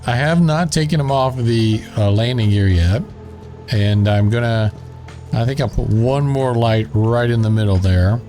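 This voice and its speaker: A man's voice: mid-range voice, a little slow, warm tone, soft background music. A man with a Southern drawl chatting casually as he plays and narrates a building game, thinking aloud as he works. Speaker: gaming channel host.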